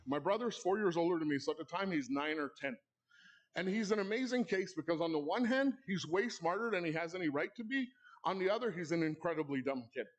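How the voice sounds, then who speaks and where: A man hosting an awards ceremony, telling a comic story with playful asides to the audience at a live event. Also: a little high. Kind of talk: comedic storytelling monologue. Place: live event in a club hall.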